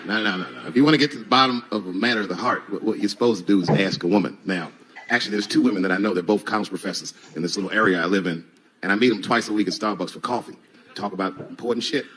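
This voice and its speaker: A man's voice: on the low side, very fast. A middle-aged man performing a profane stand-up comedy set to a laughing audience, acting out voices as he tells stories. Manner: profane, animated storytelling with acted-out voices. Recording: noisy live recording.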